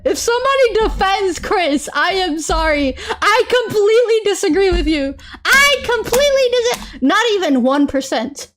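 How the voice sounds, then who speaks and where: Young woman streamer, very high voice, worked-up rant, repeats herself. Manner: animated, ranting and repeating herself, with laughs and apologies. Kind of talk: casual live-stream rant.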